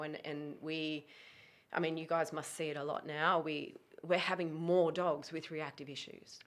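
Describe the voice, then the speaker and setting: A woman who talks about dog training in a casual podcast chat, emphatic and full of quick self-corrections. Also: deep voice.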